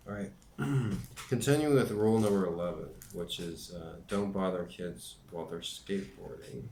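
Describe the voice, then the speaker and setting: Deep-voiced man reading a book aloud. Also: a little slow, darkish tone. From United States. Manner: dry joking asides between read passages. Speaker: reader and teacher. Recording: roomy echo, faint background noise.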